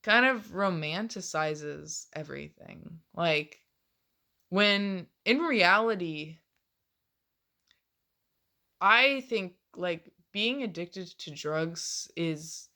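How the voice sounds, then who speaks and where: A woman's voice: fairly low pitch, expressive, drawn-out words, long pauses, pushed and bright. A woman in her late twenties rambling casually in a confessional vlog, swearing often and laughing between phrases. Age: late 20s. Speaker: vlogger.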